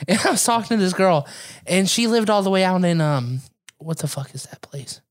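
A man's voice: sits high, lively intonation, fairly quick. A man telling stories in a casual, profane chat with a friend. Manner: loose, profane, swears a lot.

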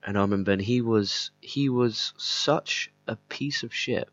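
A man's voice: on the low side, unhurried, fairly bright tone, soft background music. A man hosting a podcast, talking through a personal story in a candid, rambling way and swearing often. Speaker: podcast host. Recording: slightly dull lo-fi audio.

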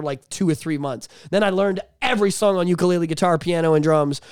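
A man with a notably high voice co-hosts a casual podcast, swearing freely and laughing as he talks. The sound is dry and close to the mic, with no room around it. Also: no room sound. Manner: profane, animated, laughs often. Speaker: podcast co-host.

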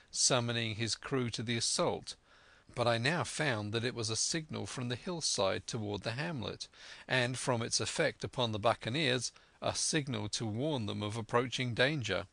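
A man narrating an adventure story in measured scripted narration. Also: medium pitch, vocal fry, sharp tone, no room sound. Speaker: audiobook narrator.

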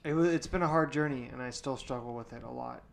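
A man's voice: medium pitch, fast talker, creaky. Candid young man rambling in casual chat. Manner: candid, rambling, lots of fillers. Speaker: podcast guest.

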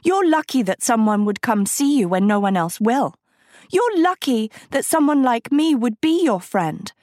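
A woman voices a bright teenage girl, high-pitched and eager, in a storybook reading. The voice sounds earnest and proud. Its lines swing widely. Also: very animated, measured pace, no room sound, studio quality.

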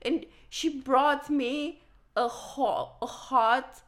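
Animated woman telling a funny story. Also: high-pitched, drawn-out words. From Romania. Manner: animated, laughs through her story, acts out quoted voices. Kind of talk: casual storytelling chat.

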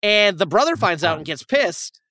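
Retelling a film's plot on his review podcast, a young man rambles, curses, and acts out quotes in a casual conversation. The high-pitched voice moves at a moderate pace, recorded cleanly in a studio with no room sound.

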